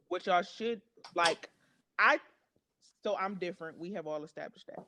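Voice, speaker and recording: A woman's voice: medium pitch, animated, moderate pace, heavy background noise. A woman co-hosting a casual podcast chat, blunt and preachy, with plenty of cursing. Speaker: podcast co-host.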